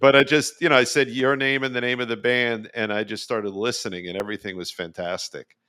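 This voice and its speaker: A man's voice: medium pitch, steady tone, brisk, pushed and bright, smooth. A man co-hosting a music show, upbeat and laughing along over a video call. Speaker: co-host. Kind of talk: casual chat.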